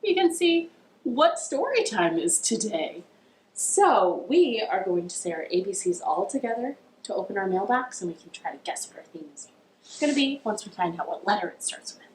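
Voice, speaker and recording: Strumming a ukulele in an echoey living room, a young woman with an American accent runs a children's storytime as a librarian, playful and poking fun at herself while she sings. She speaks at a moderate pace in a sing-song, medium-pitched voice, with a faint hiss or hum.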